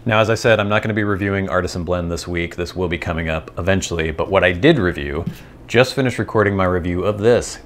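A man's voice: deep voice, a bit bright, slight background noise. An American man hosting his channel, talking in a chatty, digressive, amused way. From United States. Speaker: host. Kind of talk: casual rambling monologue.

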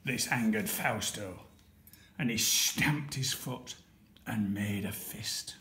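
A man reading a picture book aloud, telling the story slowly and deliberately. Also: fairly low pitch, sharp tone.

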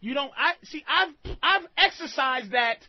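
A man giving blunt, profane advice on a radio show, emphatic and preachy, swinging from low murmurs to shouting. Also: lively intonation, measured pace, no room sound. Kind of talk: loud profane radio rant. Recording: lo-fi radio broadcast.

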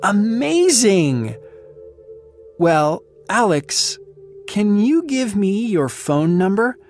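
A woman's voice: medium pitch, very animated, drawn-out words, soft background music, pitched above the performer's own voice, exaggerated voice. A woman voicing an eager, cheerful teenage girl who lives next door, in a storybook reading. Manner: bright, cheerful, talkative.

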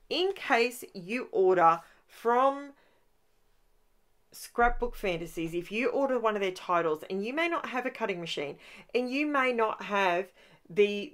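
A woman with an Australian accent, chatting through a voiceover of her own scrapbooking process in a lively, animated way. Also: mid-range voice. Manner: chatty and animated, with rising exclamations and laughs. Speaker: scrapbooking channel host. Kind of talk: voiceover narration of a crafting process.

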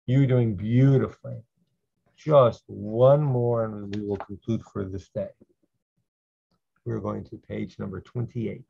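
A man teaching a slow Hebrew reading lesson, patiently repeating each syllable so learners can follow. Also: fairly low pitch, fairly even intonation, gravelly, mellow, slightly rough. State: clearing his throat. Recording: dull lo-fi sound.

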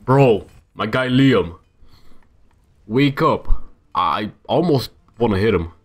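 Young man, gameplay commentary, animated swooping voice, casual, thinks out loud. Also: fairly low pitch, slow pace. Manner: casual, talks to himself, exasperated outbursts. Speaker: gamer. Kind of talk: let's-play commentary.

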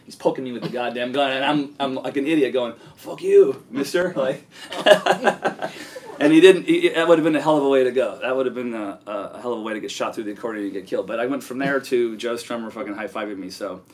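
A man telling stories as an interview guest, profane and rambling, with lots of halting restarts. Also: medium pitch, slight background noise. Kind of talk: casual storytelling interview.

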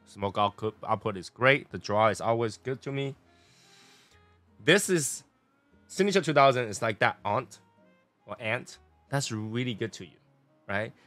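A man talks through a casual review, rambling and playful. His voice is bright and dry, close to the mic. Faint music plays under him. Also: mid-range voice, lively intonation, unhurried, long pauses, no echo. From Taiwan. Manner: chatty, rambling, playful tangents. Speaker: cigar and spirits reviewer.

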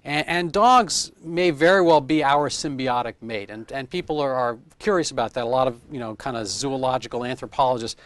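A man's voice: medium pitch, fairly quick, few pauses, no echo. A man in his fifties, a medical doctor being interviewed in casual chat, rambling through explanations with homespun comparisons. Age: 50s.

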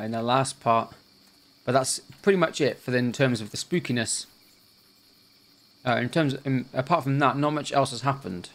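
Guy narrating his let's play, laid back, medium voice, just thinking out loud. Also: mid-range voice. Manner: chatty, easygoing, thinking aloud. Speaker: gaming channel host.

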